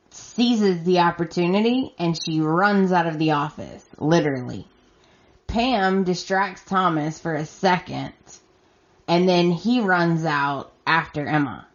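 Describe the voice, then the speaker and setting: A woman's voice: fairly low pitch, slow, lo-fi sound. A woman hosting a podcast and recapping a soap opera in a chatty, exasperated way, acting out her own reactions. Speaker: podcast host.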